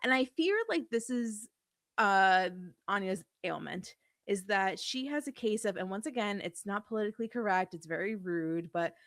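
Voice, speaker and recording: A woman's voice: mid-range voice, lively intonation, moderate pace, a bit bright, no echo, clean studio sound. Easygoing young woman podcaster. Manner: easygoing, rambling, confiding. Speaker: podcast co-host. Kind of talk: casual chat.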